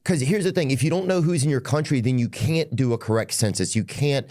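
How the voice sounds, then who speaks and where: A man's voice: mid-range voice, fairly quick, darkish tone. A man hosting a casual podcast chat, rambling and restarting his sentences.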